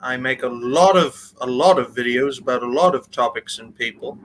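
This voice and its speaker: A man from Wales, a guest on a casual live stream, talking in a halting way with many restarts and slightly formal phrasing. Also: mid-range voice, a bit bright, slight background noise, low-quality recording.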